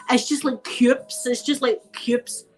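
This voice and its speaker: A woman's voice: on the high side, fairly even intonation, slow pace, rough recording. Chatty Scottish woman with a blocked nose. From Scotland. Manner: chatty, rambling, swears casually, laughs often. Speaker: ASMR channel host. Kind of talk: casual livestream chat, answering viewers. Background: faint music playing.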